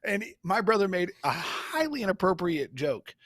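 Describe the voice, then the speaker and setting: Husky, lively young man telling war stories. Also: high-pitched, normal speed, no echo, clean studio sound. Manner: rambling, swears, laughs while telling stories. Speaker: podcast co-host. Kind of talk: casual storytelling chat.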